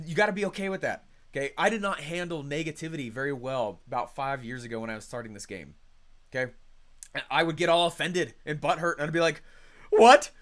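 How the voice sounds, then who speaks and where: Man, fairly high voice, upbeat coaching call host, chatty and animated, computer mic. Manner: energetic, conversational, reads chat comments aloud. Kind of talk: live online coaching call.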